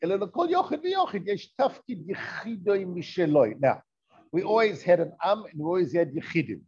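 Man, Torah teacher, explanatory lesson, rhetorical questions, warm dark tone, muffled lo-fi sound. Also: high voice, sing-song, a little fast. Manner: explanatory, poses rhetorical questions, drifts into Hebrew terms. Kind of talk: classroom lesson with text reading. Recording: dull lo-fi recording.

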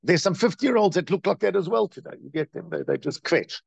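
A man giving a Torah class as its teacher, in an animated, questioning way full of rhetorical questions. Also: sits high, fast, creaky, slightly rough, dry recording.

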